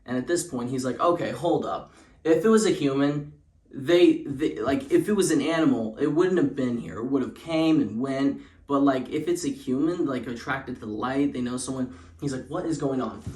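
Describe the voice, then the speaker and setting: Young guy telling a fake creepy story, lots of likes and restarts, mid pitch, echoey room. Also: normal speed, a little mellow. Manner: rambling with many fillers and restarts. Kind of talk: comedic parody storytelling.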